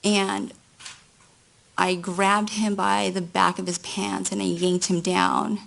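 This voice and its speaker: Slow, gravelly-voiced woman testifying. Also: mid-range voice, flat delivery, fairly bright tone. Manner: slow, halting recounting. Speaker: trial witness. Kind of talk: courtroom testimony.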